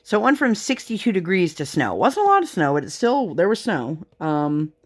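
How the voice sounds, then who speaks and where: Woman, thirties, low-pitched, chatty crafting-vlog storyteller. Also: big pitch swings, normal speed. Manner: chatty storytelling with fillers and laughs. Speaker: crafting vlogger. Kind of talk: casual chat while crafting.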